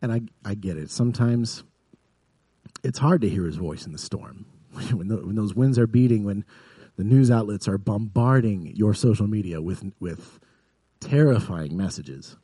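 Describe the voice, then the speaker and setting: A man preaching a sermon in an earnest way, building up to vivid emphasis and then dropping soft. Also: fairly low pitch, moderate pace, slightly rough, dry recording. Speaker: pastor.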